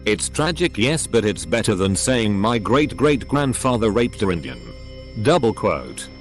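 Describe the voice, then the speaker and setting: A man reading forum posts aloud, speaking punctuation marks as words. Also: on the low side. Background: faint background music.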